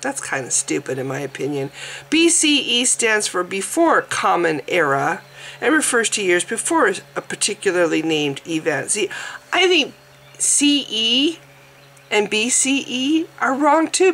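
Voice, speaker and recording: Woman vlogger with a cold, a touch high-pitched; casual, scoffing rant, quick to laugh. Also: very animated, fairly bright tone, a little hiss or hum. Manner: exasperated, mocking, quick to laugh. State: sick. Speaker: atheist vlogger.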